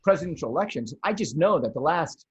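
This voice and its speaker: A man hosting a casual chat over a video call, rambling with lots of restarts and animated bursts. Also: a little high, quick pace, slightly rough. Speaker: podcast host. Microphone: video call mic. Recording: dull lo-fi video call audio.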